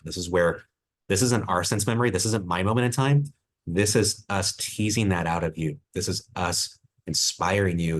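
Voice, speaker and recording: A man's voice: low-pitched, slightly rough. A man who is a head distiller, presenting a virtual tasting over a video call with enthusiasm and reflection, full of fillers and restarts.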